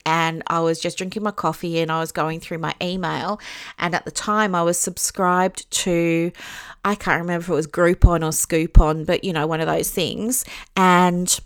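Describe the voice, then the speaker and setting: A woman's voice: lowish voice, clear, resonant tone. A woman, a psychologist, telling a personal story in a chatty, rambling way with lots of fillers. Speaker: psychologist and private practice coach. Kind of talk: casual storytelling.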